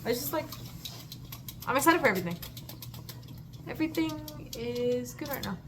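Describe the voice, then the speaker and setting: A woman's voice: a little high, lively intonation, moderate pace, background noise. A woman telling stories in a casual vlog, gushing and giggly, rambling from one thing to the next. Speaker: student and vlogger.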